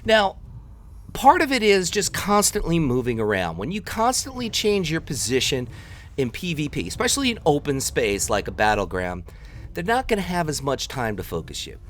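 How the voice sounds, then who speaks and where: A thirtysomething gameplay commentator from around New York, United States, rambles and teases as he narrates a story and his gameplay. His fairly high, fairly bright voice swings wildly in pitch at a moderate pace over slight background noise.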